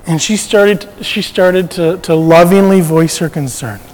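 A man's voice: high-pitched, a little slow, a little mellow, in a large hall, low-quality recording. A man sharing a personal faith testimony in a conversational storytelling way, often restarting his sentences.

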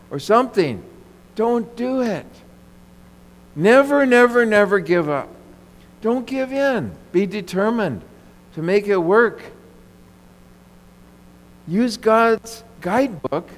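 Male pastor, sermon delivery, somewhat high and lively pitch, emphatic with repetition, long hall reverb. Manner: emphatic, repeats phrases and asks the congregation questions.

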